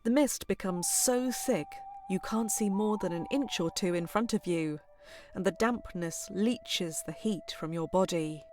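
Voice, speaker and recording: A woman giving scripted, even narration for a video game. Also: mid-range voice, unhurried, soft background music, close to an everyday voice. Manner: even, descriptive storytelling.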